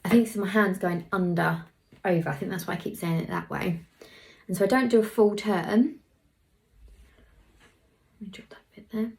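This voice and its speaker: A woman's voice: mid-range voice, normal speed, gravelly, long pauses, a little mellow. A young woman giving a casual hair tutorial, chatting as she works and dropping into murmurs now and then. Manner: chatty, talks while working, drops into murmurs. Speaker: hairstylist vlogger.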